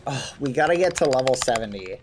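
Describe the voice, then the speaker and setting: A man's voice: mid-range voice, expressive, a little fast, noisy background. A man streaming while he plays a game, chatting casually to his viewers and swapping swearing for mild exclamations. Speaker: livestreamer. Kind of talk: casual live-stream chat while gaming. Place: home gaming setup. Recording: keyboard clicks and typing behind.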